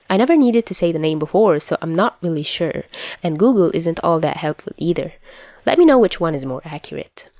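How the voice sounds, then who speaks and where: Brief: young woman, low-ish voice, calm podfic narration, close dry mic. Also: no echo. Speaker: podfic reader. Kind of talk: reading fan fiction aloud.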